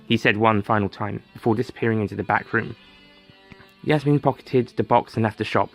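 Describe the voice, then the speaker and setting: A man's voice: lowish voice, brisk, gravelly, soft background music. Man narrating a wry story.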